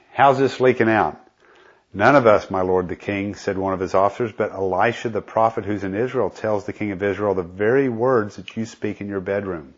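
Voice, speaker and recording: A man teaching a Bible study, reading scripture aloud and explaining it in a casual, conversational way. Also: on the low side. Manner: frequent fillers and restarts, conversational. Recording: dull lo-fi recording.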